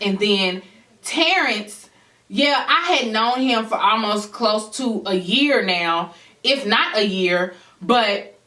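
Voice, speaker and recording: A woman vlogger telling a personal story to her viewers in a lively storytime chat, acting out what others said. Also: on the high side, far from the mic. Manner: animated storytelling, addresses viewers directly; acts out others' voices in quotes. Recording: echoey room, voice a bit off-mic.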